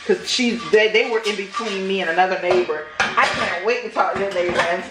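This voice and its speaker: A woman vlogger telling a story to her viewers at home in an animated, chatty way, talking to them directly. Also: medium pitch, a little fast, very noisy. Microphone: camera microphone. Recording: roomy echo.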